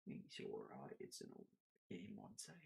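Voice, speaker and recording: A man's voice: very deep voice, sing-song, normal speed, gravelly, darkish tone, slightly rough. A man giving casual, rambling commentary while playing a building game, talking to himself and slipping into silly put-on voices.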